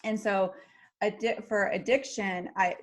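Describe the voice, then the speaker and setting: A woman's voice: medium pitch, steady tone, a little slow. A woman hosting an interview, a therapist who chats casually and affirms her guest with frequent agreement. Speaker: host, therapist.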